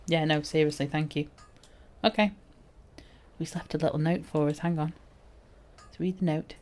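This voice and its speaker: A woman's voice: deep voice, fairly even intonation, moderate pace, long pauses, darkish tone. A woman giving casual, playful commentary while streaming a game. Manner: chatty, playful asides.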